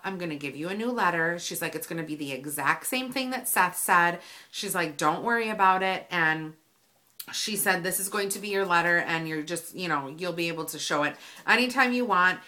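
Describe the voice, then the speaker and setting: Bright-voiced woman ranting on a vlog. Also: lowish voice. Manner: animated, exasperated retelling with quoted dialogue. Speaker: vlogger. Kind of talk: casual storytime rant.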